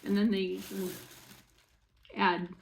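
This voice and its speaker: A woman talks her way through a makeup unboxing in a slow, unhurried, chatty ramble, full of asides and easy excitement. Her pitch is mid-range, and a faint hiss of noise sits under the recording. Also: creaky, low-quality recording. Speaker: beauty vlogger. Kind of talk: casual unboxing chat.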